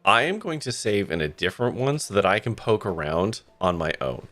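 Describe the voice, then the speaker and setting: A man's voice: fairly low pitch, sing-song, brisk, a bit bright, faint music behind. A man streaming a game, thinking aloud in casual commentary, swearing and laughing as he goes. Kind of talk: casual let's-play commentary.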